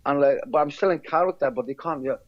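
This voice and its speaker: A man's voice: a little high, fast talker. A man, a guest in a casual interview, who rambles with many repeated words and restarts. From England. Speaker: guest, character lookalike. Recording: dull lo-fi sound.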